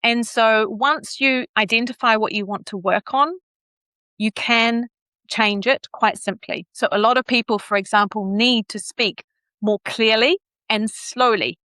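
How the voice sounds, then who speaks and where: A middle-aged woman with a New Zealand accent, a communications coach speaking as a podcast guest and playing with her pitch and pace to show what a voice can do. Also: a little slow, dry recording. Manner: animated, plays with pitch and pace to demonstrate. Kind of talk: podcast interview.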